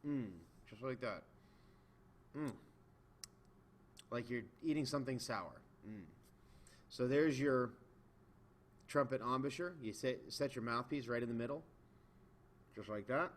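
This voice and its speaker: A man of ordinary pitch gives a patient, step-by-step video lesson to beginning players. He demonstrates as he talks, with relaxed fillers and gentle checks for understanding. A faint hiss of noise sits under the recording. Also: normal speed. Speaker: music teacher. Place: indoors, in front of a camera.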